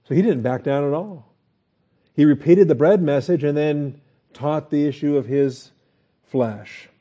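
A male pastor talks through the text in a loose, conversational way, full of "you know"s and small chuckles. His voice is very dark and mellow. The recording is muffled and lo-fi. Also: on the high side, unhurried. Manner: relaxed and folksy, with chuckles and many fillers. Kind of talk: conversational Bible teaching.

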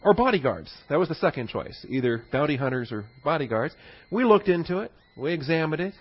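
A middle-aged pastor teaching a sermon in a conversational, digressive way, with anecdotes and chuckles. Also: male voice, on the high side, very animated, fairly quick, slightly rough. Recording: slightly dull lo-fi sermon recording.

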